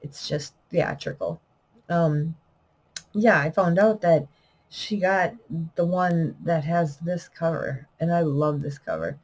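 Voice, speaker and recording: A woman's voice: deep voice, slow pace, a little mellow, rough recording. A middle-aged woman talking casually to camera in an unedited vlog, rambling and correcting herself, a little wheezy. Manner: rambling, trailing off with fillers and self-corrections. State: wheezing, coughing. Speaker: vlogger and self-published poet.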